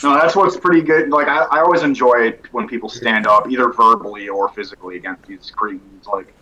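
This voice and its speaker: Blunt, bright-voiced male guest. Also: mid-range voice, fairly quick, poor audio. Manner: blunt, profane. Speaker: guest YouTuber. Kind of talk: casual chat.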